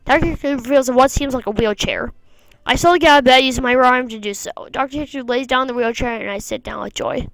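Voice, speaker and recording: A woman's voice: sits high, quick pace, a bit bright, no echo, low-quality recording. A woman reading a visual novel aloud, mostly plain narration with the odd wry aside. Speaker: gamer.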